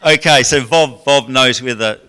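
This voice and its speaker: A man's voice: medium pitch, a little slow, pushed and bright, smooth. A man preaching a sermon in a chatty, rambling way, with joking asides to the congregation. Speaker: pastor. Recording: long hall reverb.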